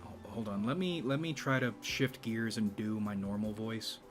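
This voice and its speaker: A man hosting a YouTube channel in a rambling, casual monologue, speaking in a deliberately low register with a slight vibrato. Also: music in the background. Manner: rambling, with frequent restarts and profanity.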